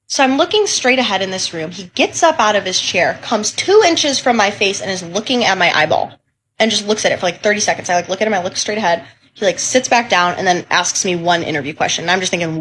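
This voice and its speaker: A woman in her twenties, shaken and upset after crying, telling the camera about a bad job interview in an animated, incredulous way. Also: medium pitch, fast talker, slight background noise. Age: 20s. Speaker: job seeker. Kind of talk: venting storytime to camera.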